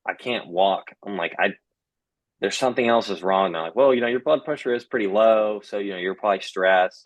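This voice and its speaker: A man's voice: deep voice, fairly bright tone, no echo. A young man casually recounting a personal story, full of fillers and quoted back-and-forth. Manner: conversational, many fillers and quoted dialogue. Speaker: guest telling his story.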